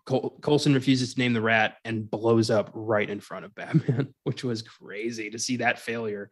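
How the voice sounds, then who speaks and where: Man co-host, casual movie chat, laughs a lot, acts out lines from scenes in quick bits. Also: mid-range voice, fairly even intonation. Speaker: podcast co-host.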